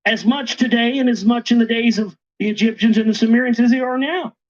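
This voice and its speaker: A speaker rants in an insistent, preachy monologue, driving phrases home by repeating them. The voice sits at a middle pitch, and the sound is dull and lo-fi. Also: fairly quick. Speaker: conspiracy lecturer. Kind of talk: ranting monologue.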